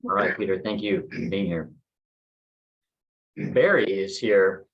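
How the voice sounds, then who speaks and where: A man's voice: sits low, takes it slowly, gravelly, lo-fi sound. A man leading a real estate team meeting in an upbeat, enthusiastic way, over a video call. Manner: upbeat, enthusiastic emcee manner. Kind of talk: casual meeting talk.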